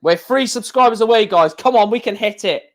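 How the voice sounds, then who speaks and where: Excitable man hosting a live reaction. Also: sits high, a little fast. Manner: chatty, excitable, talks to viewers directly. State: hiccuping. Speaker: live stream host reacting to darts. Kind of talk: casual live commentary.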